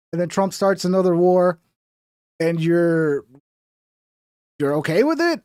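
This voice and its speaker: A man's voice: sits high, animated, normal speed, darkish tone, dry recording, studio quality. A man hosting a livestream, reacting to video clips in a casual, mocking way and swearing freely. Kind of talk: casual profane reaction commentary.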